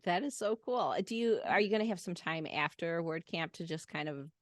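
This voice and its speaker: A woman's voice: fairly low pitch, brisk, no echo. A woman hosting a casual chat, effusive and encouraging toward her guest. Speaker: host. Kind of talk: casual conversation.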